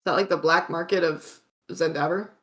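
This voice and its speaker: A woman's voice: fairly low pitch, steady tone, moderate pace, a bit bright, voice pushed down, natural voice. A woman voicing a curious, honest young adventurer in a put-on Southern accent, asking polite, careful questions. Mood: inquisitive. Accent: American Southern, put on.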